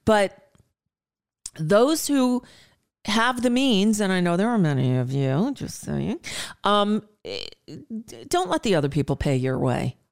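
This sixty-something talk radio host chats her way through a casual monologue in an exasperated, rambling manner full of restarts and asides. She speaks at a medium pitch and measured pace, sing-song with vocal fry and frequent pauses.

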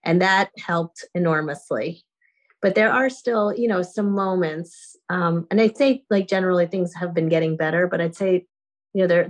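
A mother asking for parenting advice, speaking hesitantly with frequent restarts and soft laughs. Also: lowish voice. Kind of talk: conversation.

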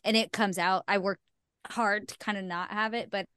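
A young woman chats candidly as a podcast guest, mocking herself, cursing freely and laughing easily. Her voice sits at an ordinary pitch for a woman. The recording is close and dry, with no room sound. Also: steady tone, moderate pace, a bit bright, smooth, no echo. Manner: frank and self-mocking, swears freely, laughs often. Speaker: podcast guest, singer-songwriter. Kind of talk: candid casual chat.

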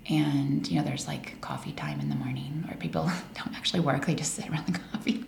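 A woman in her forties from Colorado, telling personal stories as a podcast guest in an animated way that laughs through the telling. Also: rumbling low, fairly quick, gravelly, whispered. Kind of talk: casual storytelling interview. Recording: roomy echo, faint hiss.

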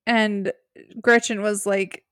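A woman's voice: medium pitch, flat delivery, slow pace, a bit bright, dry recording, clean studio sound. A woman co-hosting a podcast, recapping a reality show in giggly, teasing conversation. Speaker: podcast co-host. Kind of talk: casual rewatch chat.

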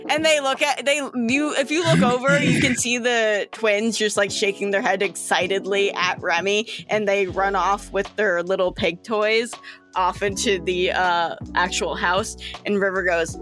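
Game master, female, mid-pitched, casual chatty narration over faint background music. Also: fairly even intonation, a little slow. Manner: chatty, with many fillers and restarts.

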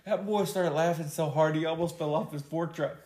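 A man's voice: a little high, steady tone, brisk, a little mellow. Jokey man telling stories on a podcast. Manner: jokey storyteller, laughs often. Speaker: podcast co-host. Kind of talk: casual podcast banter. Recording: echoey room.

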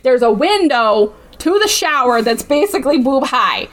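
A woman's voice: sits high, normal speed. A woman co-hosting a podcast, casually recapping a bad movie with lots of "like" and swearing. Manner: animated storytelling, swears, fillers like "like". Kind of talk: casual chat.

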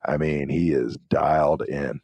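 A man in his forties, a former pro football player, telling interview stories with lively acted-out quotes. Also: very deep voice, unhurried, no room sound. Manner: animated anecdotes with acted-out quotes. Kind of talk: casual interview storytelling.

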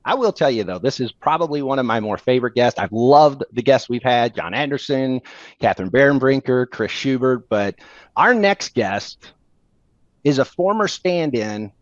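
A man co-hosting a podcast, telling stories in a casual, animated way and laughing often, on a dull, dry recording. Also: mid-range voice, moderate pace, dry recording. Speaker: podcast co-host. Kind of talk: casual storytelling chat.

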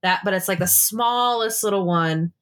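A woman's voice: medium pitch, moderate pace, a bit bright. A woman playing a tabletop role-play game, describing her character's actions in a rambling, casual way with swearing. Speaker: player.

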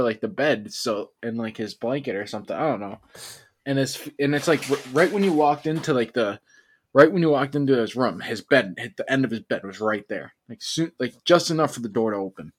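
A man's voice: medium pitch, expressive, brisk, slightly rough. A college-age man tells a rambling story among friends. He leans on slang and keeps restarting his sentences as he goes. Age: young adult. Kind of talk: casual chat.

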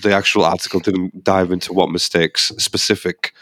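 A man's voice: low-pitched, flat delivery, moderate pace, fairly bright tone, no room sound, studio quality. A man co-hosting a podcast, chatting casually about football and repeating his points for emphasis. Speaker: podcast co-host. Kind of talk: casual sports chat.

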